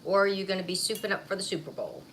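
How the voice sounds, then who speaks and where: A woman's voice: medium pitch, very animated, rapid-fire, a bit bright, low-quality recording. A woman vlogger chatting casually while eating on camera, rambling and laughing easily. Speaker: mukbang vlogger. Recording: faint background noise.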